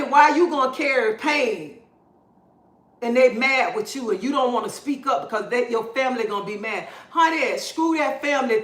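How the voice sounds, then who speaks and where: A woman's voice: a little high, fairly bright tone, echoey room. Fiery woman ranting on a phone livestream. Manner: preachy, blunt, fiery. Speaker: livestream host. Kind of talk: impassioned livestream rant.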